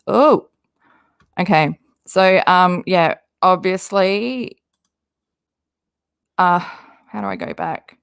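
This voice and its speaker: A woman's voice: mid-range voice, slow pace, gravelly, no echo, studio quality. A woman doing casual commentary, reading social media posts aloud with an exasperated, rambling manner and frequent swearing. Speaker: commentary YouTuber.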